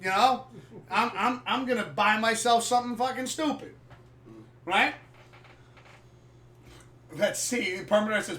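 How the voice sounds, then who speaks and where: A man hosting a live sports podcast, telling a story casually and animatedly, swearing freely and acting out scenes loudly. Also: high voice, moderate pace, pauses often, slight background noise. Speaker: podcast host. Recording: echoey room, far from the mic.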